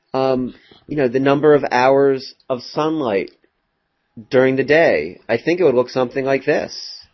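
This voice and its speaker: A male math teacher giving a casual classroom lecture, rambling a little with fillers and quick asides to his students. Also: medium pitch. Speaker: high school math teacher. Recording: dull lo-fi classroom recording.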